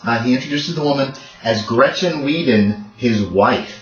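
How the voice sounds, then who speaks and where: A man's voice: mid-range voice, expressive, moderate pace, soft background music. A man narrating a tabletop horror game as game master, casual and rambling with many fillers. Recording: dull roomy recording.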